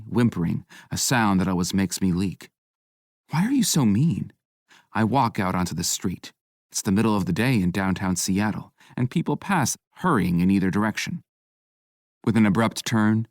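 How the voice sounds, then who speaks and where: A male audiobook narrator with a very low voice, reading at an unhurried pace. His delivery is intimate and measured, recorded dry and close to the mic. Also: dry recording.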